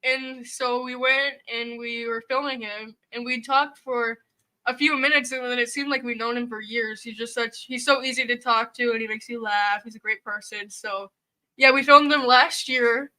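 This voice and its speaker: A woman's voice: on the high side, steady tone, moderate pace, pushed and bright. A young woman co-hosting a livestream, telling a story in an emotional, rambling way. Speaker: co-host. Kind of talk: casual livestream chat.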